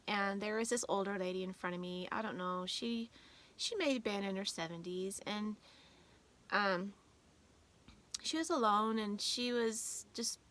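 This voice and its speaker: A woman's voice: mid-range voice, bright, forceful tone. A woman vlogger telling a personal story in a casual, rambling way with many fillers, emotional and holding back tears at times.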